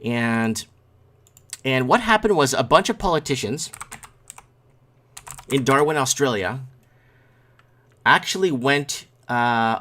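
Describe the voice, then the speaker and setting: A male host talks loosely through headlines on his morning stream, wandering off on tangents and answering chat comments as they come in. He sounds sleepy and yawning, with a middling pitch and an everyday voice. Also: animated, slow pace, pauses often, bright, forceful tone. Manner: rambling, reacts to chat comments. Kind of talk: casual live-stream commentary.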